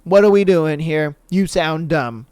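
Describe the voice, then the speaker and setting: A man's voice: a little high, unhurried, darkish tone, smooth, no room sound, studio quality. A man hosting a podcast, giving a casual, profane, slang-heavy recap and mimicking the people he talks about. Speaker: podcast host.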